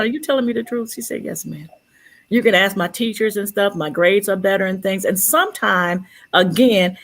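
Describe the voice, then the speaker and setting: A woman's voice: mid-range voice, a bit bright. A woman co-hosting a casual panel chat, telling stories and acting out the dialogue she quotes.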